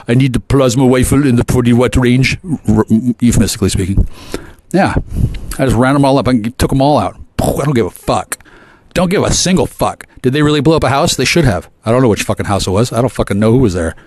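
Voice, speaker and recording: A man's voice: medium pitch, lively intonation, fast, a little mellow, no room sound. A man ranting at length to his viewers, profane and aggressive, with frequent stammering restarts. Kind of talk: rambling profane rant to camera.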